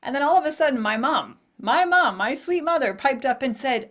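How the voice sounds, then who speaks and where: A woman's voice: sits high, lively intonation, normal speed, hardly any pauses, a bit bright. A woman in her forties hosting a podcast, telling a personal story candidly, with laughs and acted-out quotes. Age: 40s. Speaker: podcast host. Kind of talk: personal monologue.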